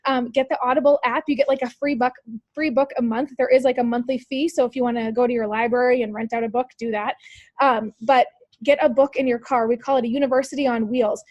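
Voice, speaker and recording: A woman's voice: fairly high pitch, steady tone, fast, darkish tone, dry recording, dull audio. A woman leading a motivational team call, upbeat and coaching, talking straight to her listeners with lots of rhetorical questions. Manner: upbeat, peppy coaching, full of "like" and "you guys". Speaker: team leader on a sales call.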